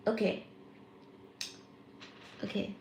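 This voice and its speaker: A woman hosting a casual live stream, chatting and greeting viewers by name with excited exclamations. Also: very slow, echoey room. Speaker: livestream host.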